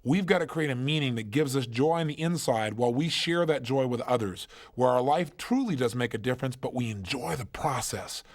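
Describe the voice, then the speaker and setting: A man's voice: medium pitch, expressive, fairly quick, few pauses. A man giving a motivational seminar talk, telling stories emphatically and asking rhetorical questions. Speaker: motivational speaker.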